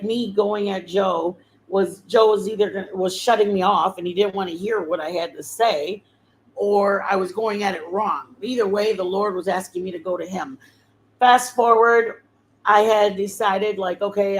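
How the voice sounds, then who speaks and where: A woman's voice: mid-range voice, slight background noise, rough recording. A woman hosting her channel, telling a personal testimony in a rambling, heartfelt way with many fillers and restarts. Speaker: channel host sharing a testimony. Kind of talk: emotional personal storytelling.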